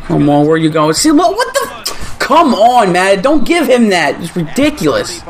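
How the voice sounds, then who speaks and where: A man gives live commentary over a football video game match he is playing. His voice sits high, and he talks at an unhurried pace. He gets excitable, groaning, swearing and shouting at the plays. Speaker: gaming YouTuber.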